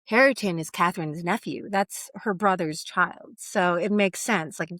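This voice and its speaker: A young woman co-hosting a casual book discussion, animated, slipping into voices for characters. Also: fairly low pitch, moderate pace, no echo. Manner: animated, acts out characters in quoted asides. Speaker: podcast co-host.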